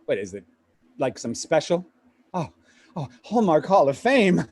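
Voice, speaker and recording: An actor playing a pushy, fast-talking male Hollywood agent in a live play reading over a video call, with rapid, stammering sales patter. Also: on the high side, very animated, a little mellow, breathy edge, heavily acted. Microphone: home computer mic on a video call.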